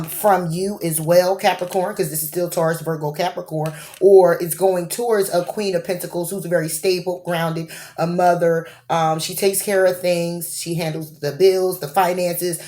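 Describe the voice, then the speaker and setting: Tarot reader, woman, lowish voice, loose rambling delivery that keeps rephrasing and checking in. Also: steady tone, normal speed, few pauses, darkish tone. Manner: keeps checking in with a questioning "okay?"; rambling, rephrases as she goes. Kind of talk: tarot reading to camera.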